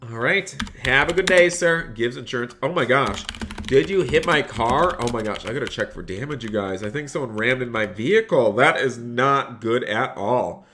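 A man's voice: medium pitch, animated, normal speed, sharp tone, a little hiss or hum. Male streamer, upbeat clerk patter in a game role-play, repeats his lines, faint typing behind. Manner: reads and thanks chat between lines. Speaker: streamer playing a phone store clerk.

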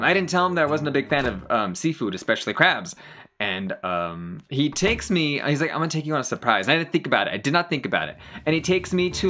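A let's play gamer talks casually over gameplay, slipping into long, rambling personal stories with an animated, self-deprecating manner. The voice sounds bright and forward. Light game music plays underneath. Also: mid-range voice. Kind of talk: casual gameplay commentary and storytelling.

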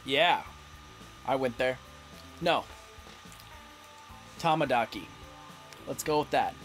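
A man giving casual, playful gameplay commentary, reading game text aloud and getting excitable. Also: mid-range voice, slow, faint music behind. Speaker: let's play host.

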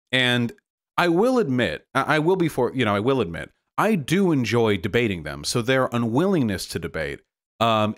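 A man giving heated livestream commentary, animated and mocking, with frequent fillers. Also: on the low side. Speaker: streamer.

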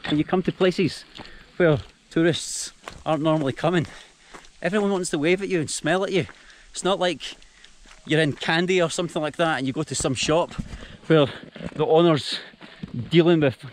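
A man's voice: a little high, slight background noise. A young Scottish man talking casually to his camera while walking along rail tracks, chatty and jokey. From Scotland. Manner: chatty, jokey, self-mocking. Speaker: travel vlogger. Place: outdoors, countryside by rail tracks. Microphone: handheld action camera.

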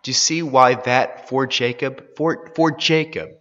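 A man's voice: mid-range voice, steady tone, measured pace, fairly bright tone. A man teaching an earnest, sermon-style Bible class, pressing his listeners with rhetorical questions. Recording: dull, echoey hall recording.

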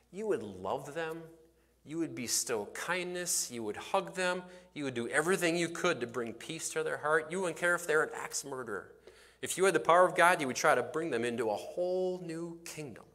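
A man preaches from the pulpit in a plain, mid-range voice. He tells the story with swells of energy, then sinks to almost a murmur to land the point. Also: medium pitch. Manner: storytelling preacher, rising and dropping to near quiet for emphasis. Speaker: pastor. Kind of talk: sermon. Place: church sanctuary.

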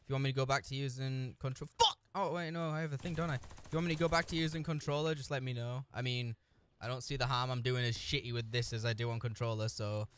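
A gameplay streamer narrates his own shooter match live, swearing constantly, trash-talking other players, and joking between frustrated outbursts. His male voice is mid-range and a bit bright, with fairly even intonation and a fast delivery. He uses a desk mic with a camera and no headphones, and there's a slight hiss or hum.

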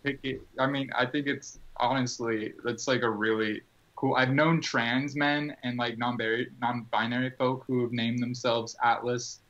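A man's voice: medium pitch, level tone, moderate pace, a bit bright, lo-fi sound. A man co-hosting a comedy podcast, chatting in a rambling way with lots of fillers. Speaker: podcast co-host.

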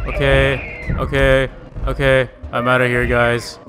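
A man's voice: mid-range voice, normal speed, pauses often, over music. A man streaming a horror game live, talking to his chat, swearing often and shrieking when startled. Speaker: gaming streamer. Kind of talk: live gameplay reaction.

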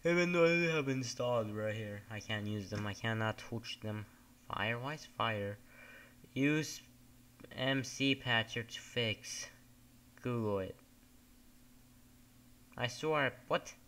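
A man talks through a game in a loose, casual commentary, drifting from topic to topic. His voice is bright and forward, and he swears freely and gets irritated quickly. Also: mid-range voice. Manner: rambling, swears often, easily annoyed. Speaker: gamer.

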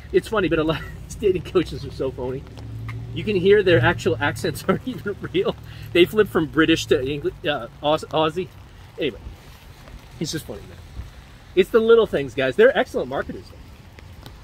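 A man's voice: fairly high pitch, lively intonation, moderate pace, slight background noise. A man rambling animatedly in a preachy commentary vlog, talking to a handheld phone while walking outdoors on a street. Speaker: vlogger and men's dating commentator.

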